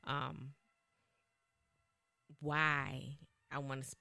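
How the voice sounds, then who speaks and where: Animated woman radio host. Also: a bass voice, very slow, gravelly. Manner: animated, repeats herself, laughs often. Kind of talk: casual radio chat.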